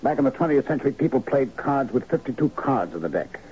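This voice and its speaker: An actor in a 1970s radio drama playing a curt, shrewd manager who explains a cover-up. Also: male voice, mid-range voice, very animated, fast, lightly acted. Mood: explaining. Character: shrewd, weary male manager covering up killings. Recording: dull old radio broadcast with faint hiss.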